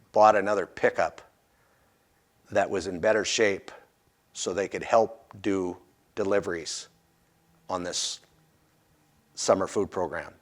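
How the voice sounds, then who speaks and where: A man's voice: low voice, a bit bright. A man earnestly recounting a personal anecdote from his charity volunteer work in a folksy, conversational way.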